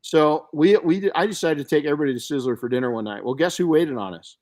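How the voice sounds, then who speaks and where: A middle-aged man hosting a podcast, chatting casually and telling stories in an animated way, often restarting his sentences. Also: fairly high pitch, fast talker. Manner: storytelling, animated, frequent restarts and self-corrections. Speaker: podcast host.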